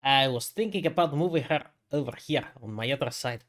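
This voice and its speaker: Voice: medium pitch, brisk. A tabletop game player chatting casually in a put-on Scottish accent, laughing often. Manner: lively, laughing.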